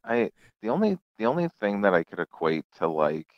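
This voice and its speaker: A man's voice: fairly low pitch, sing-song, brisk, dry recording, highs cut off. A young adult man, a comedian guest, telling stories in a casual, laid-back chat and acting out the people in them. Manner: laid-back storyteller, acts out quoted voices.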